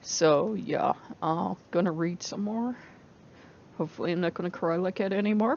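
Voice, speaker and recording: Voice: medium pitch, expressive, moderate pace, gravelly, dull audio. A person, talking casually to camera as a book vlogger: rambling, self-interrupting, candid and emotional, laughing often. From United States.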